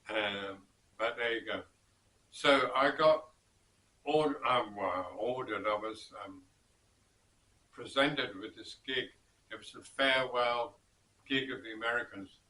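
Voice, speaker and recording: Guy slowly telling an old story, bright voice, sounds kinda far off in an echoey room. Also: mid-range voice. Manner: slow and rambling, with pauses and self-corrections. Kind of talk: casual spoken storytelling.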